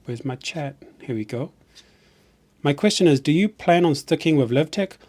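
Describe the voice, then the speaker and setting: A man's voice: on the high side, expressive, moderate pace, darkish tone. A man from New Zealand with a New Zealand accent, chatting casually on a live stream in a rambling way and often restarting his sentences.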